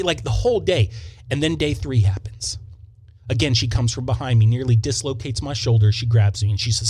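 A young man telling a personal story in an animated, self-mocking way, often repeating words as he goes. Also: on the high side, fairly quick, slightly rough. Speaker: storyteller on a faith show.

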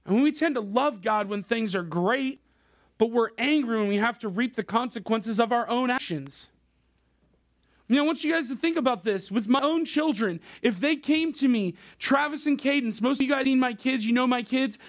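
Youth pastor type, thirties, man with a very high voice, chatty laid-back preaching. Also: moderate pace. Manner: casual, conversational preaching to a young crowd. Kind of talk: sermon.

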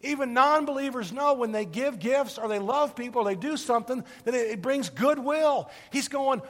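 Male pastor, sermon, high voice, very lively pitch, long hall reverb. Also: normal speed, hardly any pauses. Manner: animated storytelling, swings from loud to hushed.

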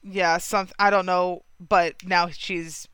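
Podcast co-host, woman, chatty and self-deprecating, bright and smooth. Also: lowish voice, level tone, takes it slowly, dry recording. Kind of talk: casual movie discussion podcast.

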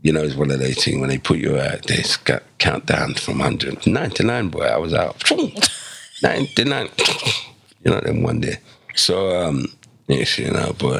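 A man in his sixties with an extremely deep, gravelly, husky voice. He talks in a relaxed, conversational way as a podcast guest. He acts out the lines of the people in his stories. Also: normal speed. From England. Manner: animated, acts out dialogue with quoted voices. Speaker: podcast guest, former footballer. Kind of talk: conversational storytelling.

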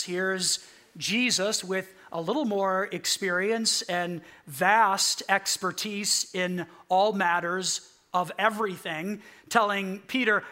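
A man preaching a sermon as a pastor, animated and acting out quoted lines with sarcasm. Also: high voice.

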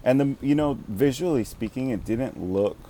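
A man co-hosting a casual film chat, talking haltingly and searching for words with many fillers. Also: mid-range voice, dark tone, a little hiss or hum. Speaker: podcast co-host reviewing a film.

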